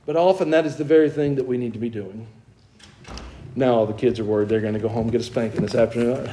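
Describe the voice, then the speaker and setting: A man's voice: medium pitch, fast, dark tone, a little hiss or hum. A middle-aged man preaching a sermon as pastor, talking conversationally, with self-deprecating humor and emphatic exhortations.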